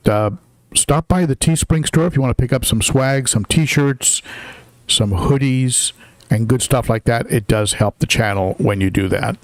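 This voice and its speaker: A man's voice: medium pitch, no room sound. An older man hosting a casual live stream, chatty, with lots of fillers and restarts while greeting viewers.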